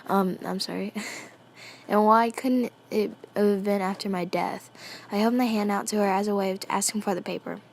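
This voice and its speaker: A woman reading a fan story aloud, quietly and half-whispered, giggling and breaking off to comment. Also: mid-range voice, steady tone, moderate pace, gravelly, slight background noise. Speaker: fan fiction reader.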